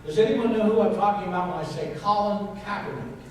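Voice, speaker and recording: Speaking quickly in a high voice, a pastor delivers a sermon full of emphatic repetition and questions aimed at his congregation. The setting is a church sanctuary, recorded from a distance in an echoey hall with slight background noise.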